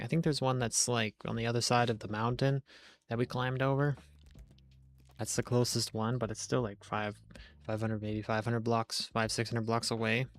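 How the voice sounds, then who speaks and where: A young man talks through a live game stream in a loose, chatty, self-joking way. His mid-pitched voice has a lot of vocal fry in it. Faint game music sits quietly behind his desk-mic sound. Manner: rambling, chatty, jokey, talks to chat. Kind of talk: casual gameplay commentary on a live stream.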